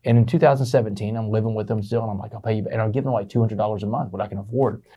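A middle-aged man, a motivational speaker telling his story in an interview, animated and fast, often saying "man". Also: fairly low pitch, slightly rough. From Texas, USA.

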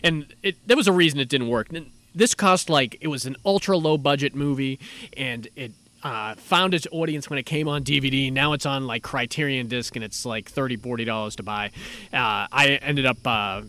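A man's voice: medium pitch, normal speed, sharp tone. A man co-hosting a casual chat, talking in an eager, opinionated way. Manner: enthusiastic, opinionated, loose. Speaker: podcast co-host.

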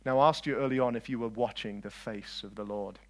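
A man preaching a lively sermon, swinging between loud declarations and quiet asides and joking with his listeners. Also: on the low side, fairly quick, slight background noise. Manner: jokes with the audience.

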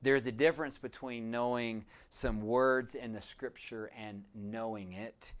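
Guy preaching a sermon, smooth clear voice, earnest and emphatic, keeps repeating his point. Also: mid-range voice, steady tone, a little slow. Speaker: pastor.

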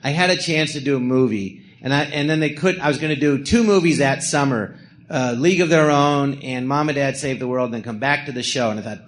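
A man's voice: medium pitch, brisk. A middle-aged man telling rambling stories on a live podcast, slipping into quoted voices between laughs. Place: theatre stage before an audience.

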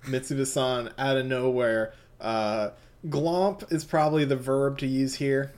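A woman's voice: very deep voice, steady tone, unhurried, a little mellow. A woman narrating a tabletop game as game master, wry and chatty with frequent laughter.

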